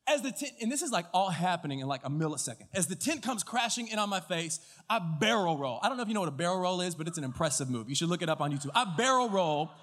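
A male pastor preaching a sermon, telling a story with acted-out dialogue and lively delivery. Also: high-pitched, fast talker, few pauses, long reverb tail. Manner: animated storyteller, acts out dialogue and shouts at climaxes. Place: church auditorium. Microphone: stage mic with floor monitor.

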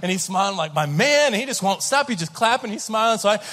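A man in his thirties preaching a sermon, telling a story with lively acted-out voices and laughter. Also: high-pitched, fast. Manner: animated storyteller, acts out voices, laughs along. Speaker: pastor. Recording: large hall with long reverb.

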